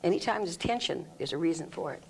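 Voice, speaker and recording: A woman's voice: fairly low pitch, expressive, quick pace, creaky, a little mellow, breathy edge. A woman explaining an energy healing technique in an interview, demonstrating groans, sighs and vocal sounds as she talks. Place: room under studio lights.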